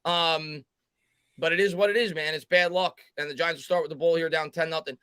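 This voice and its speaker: A man hosts a live sports stream, calling plays and reading out viewer comments. His voice is high and bright. The sound is dry and close. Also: fairly even intonation, clean tone, no echo. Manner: fast commentary, reads viewer chat aloud, halting restarts. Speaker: host doing play-by-play.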